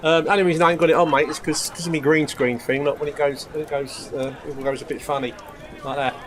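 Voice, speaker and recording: A man's voice: on the high side, little pitch movement, quick pace. A man hosting a live stream in a casual, rambling way, chatting with his viewers, calling them mate and often losing his thread. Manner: forgetful, loses his thread.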